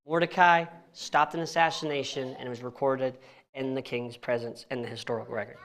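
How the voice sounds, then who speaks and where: A man's voice: mid-range voice, steady tone, brisk, fairly bright tone, slight background noise. A young man reading scripture aloud and teaching it casually in a church, often stumbling over names and laughing at himself. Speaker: Bible study teacher.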